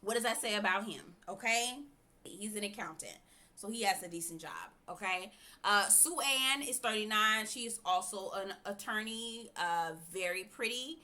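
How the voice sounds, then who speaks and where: A woman with a bright, forceful voice reviews TV in a frank, chatty way. She is blunt and opinionated, and her pitch sits in the middle range. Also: normal speed. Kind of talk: casual opinionated commentary.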